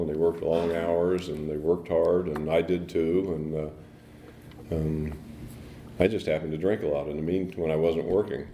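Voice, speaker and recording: A man giving a personal recovery story at a speaker meeting, halting, with many ums and restarts. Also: extremely low pitch, mellow, a little hiss or hum. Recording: echoey meeting room.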